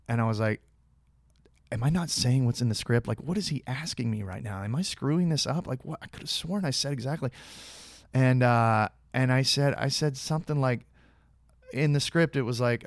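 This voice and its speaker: A man's voice: medium pitch, normal speed, no echo. Rambling man telling a story, dry close sound. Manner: rambling, many restarts, acts out quoted dialogue. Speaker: actor, podcast guest. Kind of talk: casual anecdotal storytelling.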